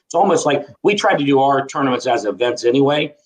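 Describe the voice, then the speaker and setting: A man's voice: mid-range voice, animated, fast talker, low-quality recording. A man co-hosting a casual interview, enthusiastic, often restarting his sentences.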